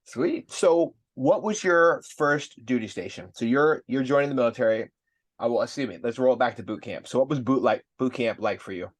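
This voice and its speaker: A man's voice: medium pitch, moderate pace, no room sound. A man hosting a podcast interview, chatting casually, upbeat and encouraging toward his guest, with some casual swearing. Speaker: podcast host.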